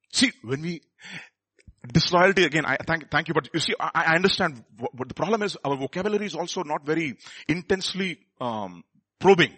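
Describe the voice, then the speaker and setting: A man preaching a sermon, his voice high and bright. He swings his pitch widely as he drives home each point. He keeps asking the congregation questions and waits for them to answer. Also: husky. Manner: emphatic, asks the congregation questions and pauses for answers.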